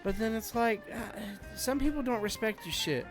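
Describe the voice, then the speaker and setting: A man's voice: high voice, lively intonation, moderate pace, music in the background. A young man from Florida co-hosting a podcast, chatting casually, crude and joking, laughing often. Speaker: podcast co-host. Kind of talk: casual chat.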